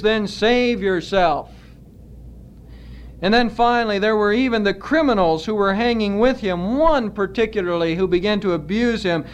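A man preaching a sermon as pastor, earnest and emphatic, stretching out his words with pauses. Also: on the high side, a little hiss or hum.

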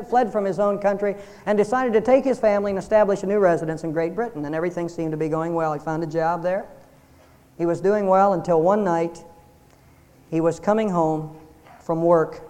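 A male pastor delivers an earnest, emphatic sermon, pressing his congregation with rhetorical questions. His voice is warm and mellow, and it rings out with a long reverb through a large church hall. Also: sits high. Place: church sanctuary.

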